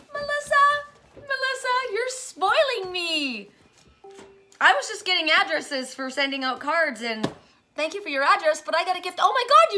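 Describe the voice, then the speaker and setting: A woman chatting excitedly as she unboxes gifts in a casual vlog, gushing over each one. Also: fairly high pitch, slight background noise. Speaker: spiritual vlogger unboxing gifts.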